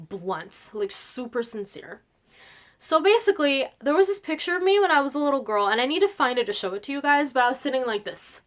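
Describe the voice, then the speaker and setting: Young woman vlogger, bubbly, self-mocking storyteller, bright high voice with wide swings. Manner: giggly, rambling, self-deprecating, lots of "like". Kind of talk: casual storytelling vlog.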